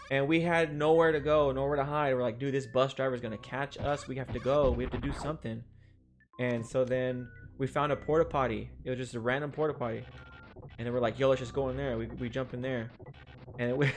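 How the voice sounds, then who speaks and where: With slight background noise and game music audible, a young man with a medium-pitched voice tells a story while gaming. His storytelling is casual and rambling, peppered with swearing and laughter as he recalls something from the past.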